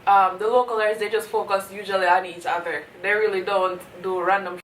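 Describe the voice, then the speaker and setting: A woman with a Jamaican accent giving calm, explanatory commentary as a reaction host. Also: medium pitch, normal speed, slight background noise. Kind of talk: casual commentary. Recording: echoey room, distant mic.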